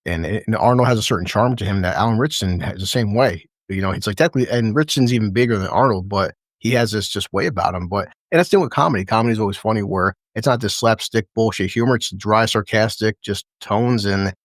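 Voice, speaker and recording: A man's voice: on the low side, fast talker, few pauses, no echo, studio quality. A man co-hosting a casual, crude podcast recap of a TV episode, rambling and laughing often as he paraphrases scenes. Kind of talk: casual chat with crude humor.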